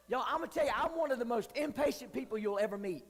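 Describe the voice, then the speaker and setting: Guy youth pastor, real high voice, joking around, big echoey hall. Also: husky. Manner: joking, confessional preaching. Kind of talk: sermon. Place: church hall. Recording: long hall reverb.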